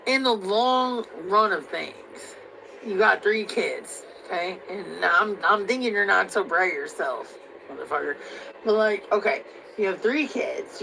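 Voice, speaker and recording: A woman's voice: medium pitch, gravelly, sharp tone, slight background noise, poor audio. A young woman from Missouri in a heated, profane, rambling rant, stacking up fillers as she vents. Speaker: vlogger.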